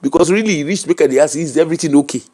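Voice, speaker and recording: Her voice is low and her delivery rapid-fire as she candidly recounts a personal story in an interview. The woman has a Nigerian accent, sounds animated and emphatic, and drops Pidgin and Yoruba into her English.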